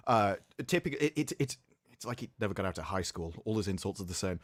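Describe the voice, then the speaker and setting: A man talking casually as a podcast guest, retelling scenes in an animated, incredulous way into his own microphone. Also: on the low side, quick pace, no room sound, studio quality.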